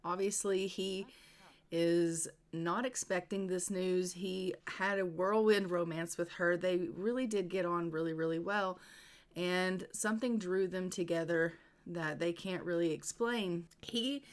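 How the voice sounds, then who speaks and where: A woman's voice: fairly low pitch, fairly even intonation, measured pace. A woman casually narrating a life-sim game story, retelling the characters' talk in a chatty "and she's like" way. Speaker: gameplay narrator.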